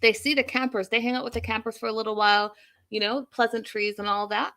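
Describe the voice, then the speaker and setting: A woman's voice: fairly high pitch, quick pace. Opinionated woman recapping a show. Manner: opinionated, animated, addresses viewers directly. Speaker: host. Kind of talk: casual recap and commentary.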